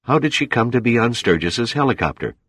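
A man's voice: mid-range voice, lively intonation, a little fast, a bit bright, breathy edge, no echo, pitched above the performer's own voice. A man voicing a sarcastic, suspicious character in an audiobook. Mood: caustic. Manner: caustic and sarcastic.

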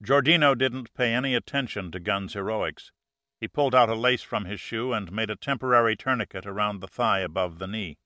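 Male audiobook narrator, bright tone, dry close recording, steady measured delivery. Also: lowish voice, no echo. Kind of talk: scripted narration.

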